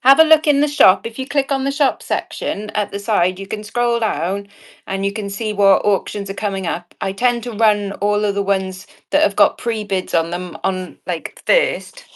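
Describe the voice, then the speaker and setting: A woman's voice: mid-range voice, normal speed. A woman running a live online jewellery auction, chatting in a bubbly, rambling way, with cheeky asides and frequent laughs. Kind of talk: chatty live-stream selling.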